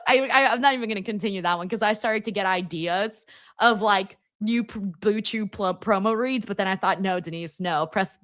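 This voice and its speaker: A woman's voice: mid-range voice, moderate pace, long pauses, fairly bright tone, no room sound, clean studio sound. A woman hosting a live stream watchalong, reading viewer comments aloud with frequent laughter and playful jokes. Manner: giggly, joking, reading chat comments aloud. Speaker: host.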